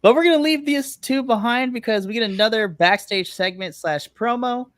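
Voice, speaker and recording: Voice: mid-range voice, moderate pace, a bit bright, dry recording. A podcast co-host giving a casual recap, chatty, laughing often and acting out their own reactions. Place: remote live stream.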